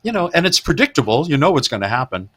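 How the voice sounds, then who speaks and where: A man's voice: fairly high pitch, sing-song, quick pace, husky. A man hosting a podcast, animatedly retelling film scenes in casual chat and laughing often. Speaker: podcast host.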